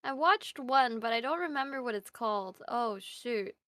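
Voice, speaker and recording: A woman with a high, very animated voice co-hosts a livestream, playful and teasing. The sound is dry and close, with no room echo. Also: normal speed. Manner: playful and teasing, very lively intonation. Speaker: stream co-host. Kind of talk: casual livestream chat.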